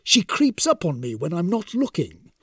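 A man's voice: sits high, wildly swooping pitch, moderate pace, breathy edge, no room sound, studio quality, far from the mic, heavily acted. A man voicing a put-upon male Grim Reaper spirit who complains in an indignant, plaintive way. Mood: flustered.

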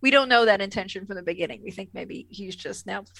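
A woman's voice: medium pitch, fast, gravelly, fairly bright tone, dry recording. A woman co-hosting a podcast, chatting casually and rambling with lots of fillers and laughs. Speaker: podcast co-host. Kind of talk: casual chat.

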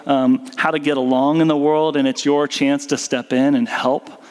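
A man's voice: medium pitch, level tone, moderate pace, darkish tone. A man preaching a sermon as pastor, earnest and conversational, with fillers and restarts. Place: church sanctuary. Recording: church hall reverb with guitar music.

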